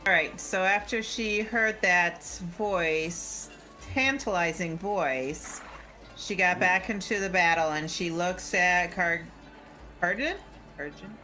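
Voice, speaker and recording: A woman playing in a tabletop game, describing her character's move in an unhurried way. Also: fairly low pitch, bright, forceful tone, soft background music, rough recording. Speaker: player. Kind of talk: casual chat at a game table.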